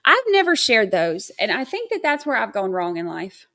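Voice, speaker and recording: A woman's voice: mid-range voice, very animated, normal speed, sharp tone. A woman hosting a livestream, chatting casually with sarcastic, scattered asides and thanking viewers for gifts. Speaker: livestream host.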